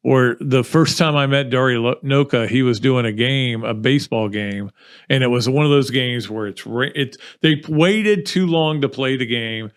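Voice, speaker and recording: A male podcast host with an easy, rambling delivery chats with a guest, drifting loosely and conversationally into self-deprecating stories. His voice is mid-range and he talks at a normal speed.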